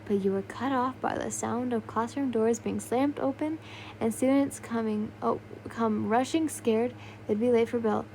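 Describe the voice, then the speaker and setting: A woman's voice: a little high, moderate pace, a little mellow, slight background noise, rough recording. A young woman narrating a fan fiction story in a loose, unpolished way, with yawns, slips and little asides. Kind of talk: casual fan fiction reading.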